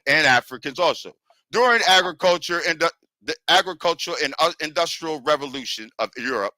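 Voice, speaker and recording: A man's voice: mid-range voice, bright, forceful tone, no room sound, poor audio. A man making an emphatic, lecturing case in an online debate and talking over others. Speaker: debater presenting a historical argument.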